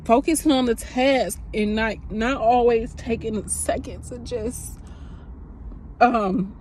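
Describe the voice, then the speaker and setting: A woman's voice: fairly high pitch, fairly even intonation, slow pace, a little mellow, a little hiss or hum. A woman in her thirties, a nurse, talking candidly and emotionally to her phone camera in a rambling, casual way. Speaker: nurse vlogger.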